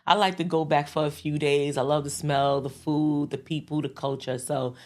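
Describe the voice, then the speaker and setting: Low-voiced New York woman, chatty. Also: normal speed. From the Bronx, New York. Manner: animated and laughing, with many restarts and fillers. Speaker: guest recording artist. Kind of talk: casual interview chat.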